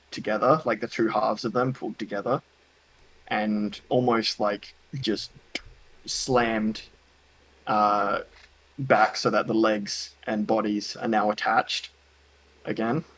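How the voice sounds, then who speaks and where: Unhurried hesitant male game master. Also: fairly low pitch, a bit bright, husky, poor audio. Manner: hesitant, many ums and uhs. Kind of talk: narrating a tabletop game.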